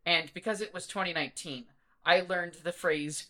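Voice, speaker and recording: A man's voice: high-pitched, moderate pace, bright, forceful tone. A man co-hosting a podcast in casual chat, rambling and laughing with lots of restarts. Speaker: podcast co-host.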